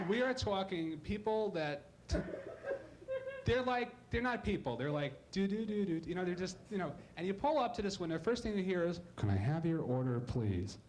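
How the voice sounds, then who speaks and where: A man from Ohio doing a stand-up comedy routine, animated and slipping into silly voices for his bits. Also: high-pitched. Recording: live club recording with audible crowd noise.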